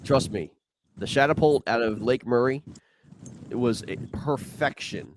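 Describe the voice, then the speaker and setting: A man's voice: mid-range voice, normal speed, noisy background. A man doing casual live commentary on a tournament stream, a laid-back storyteller who keeps saying "man" and "like".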